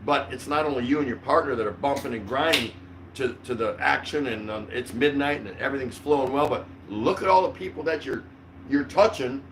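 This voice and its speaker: A middle-aged man hosts a casual livestream chat from his couch at home, speaking briskly in a medium-pitched voice. As the vlogger host, he rambles with lots of fillers and laughs often. A distant mic picks him up along with faint room noise.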